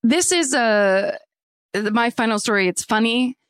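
A woman's voice: a little high, a little slow, smooth, no room sound, clean studio sound. Woman co-hosting, laughing often. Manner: laughs often, reads with deadpan asides. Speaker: podcast co-host. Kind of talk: casual chat, reading listener stories aloud.

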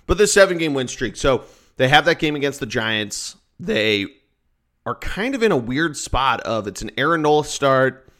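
An upbeat man hosts a solo sports podcast, talking casually at a middle pitch. His delivery is joking and rambling, full of asides. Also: big pitch swings, normal speed, fairly bright tone. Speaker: podcast host.

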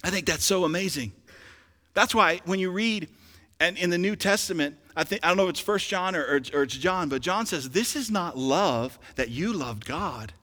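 A man's voice: high voice, brisk, bright, forceful tone, big-room sound. A man preaching a sermon as pastor, building emphasis with rhetorical questions to his congregation. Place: church sanctuary.

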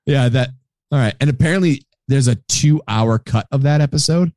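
Mellow-voiced man, casual podcast banter. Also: medium pitch, moderate pace, no echo, studio quality. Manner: relaxed, joking, swears casually. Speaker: podcast co-host. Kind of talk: casual chat.

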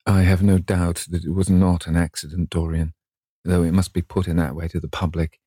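A man voicing a witty, cynical aristocratic gentleman in an urbane, measured manner. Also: sits low, level tone, husky, dry recording, studio quality. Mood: grave. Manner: urbane, epigrammatic.

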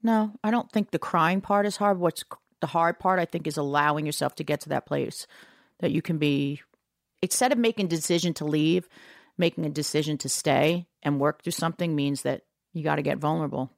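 A woman's voice: sits low, fairly quick, gravelly, no room sound, clean studio sound. A woman from New York, a singer and guest, talking frankly and reflectively in a candid conversation. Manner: frank, reflective, calls host baby.

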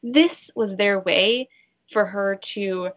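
A woman's voice: mid-range voice, slow pace, muffled recording. A woman who works as a bra fitter, talking earnestly in a casual interview and telling stories with animation.

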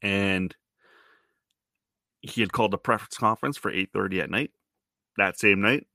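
A man's voice: on the low side, unhurried, pushed and bright, no room sound, clean studio sound. A man from Toronto in his thirties hosting a podcast, rambling through a wry, self-deprecating monologue and swearing casually. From Toronto, Canada. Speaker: podcast host.

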